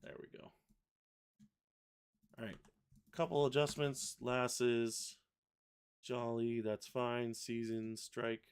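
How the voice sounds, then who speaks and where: A man hosting a live software tutorial, thinking aloud and correcting himself as he works. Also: medium pitch, level tone, slow pace, pauses often, clean tone. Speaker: software livestream host. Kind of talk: casual live software demo.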